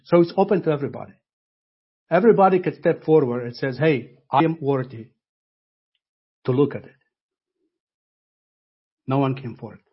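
Halting husky male bible teacher. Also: a little high. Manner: halting, repeats words often, slows for emphasis. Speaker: preacher. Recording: dull lo-fi recording.

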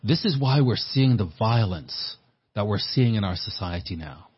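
Male pastor, husky and earnest, repeats words mid-sermon; muffled, lo-fi capture. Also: on the low side, lively intonation, normal speed. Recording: dull lo-fi sermon recording.

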